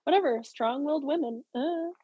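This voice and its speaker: A woman's voice: high voice, normal speed, dry recording, lo-fi sound. A woman co-hosting a podcast in casual chat, upbeat and slangy, encouraging her co-host.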